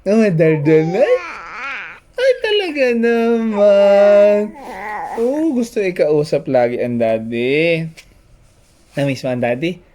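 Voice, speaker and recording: A young woman, talking baby talk to her infant in a high sing-song coo and laughing often. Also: expressive, moderate pace, warm tone, a little hiss or hum. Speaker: parent of the baby.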